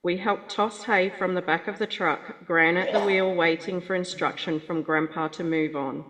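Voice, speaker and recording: A woman giving a measured, fond eulogy for her grandmother at a funeral. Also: on the low side, fairly even intonation, a crowd in the background. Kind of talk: read eulogy. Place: funeral chapel. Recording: echoey hall.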